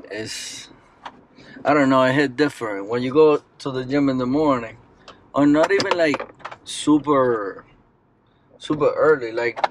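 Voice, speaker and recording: A young father vlogs in an easygoing, rambling way, thinking aloud as he goes. His voice sits at an ordinary pitch, with a faint hum of background noise behind it. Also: rough recording. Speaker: vlogger, new father. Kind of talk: casual vlog talk to camera.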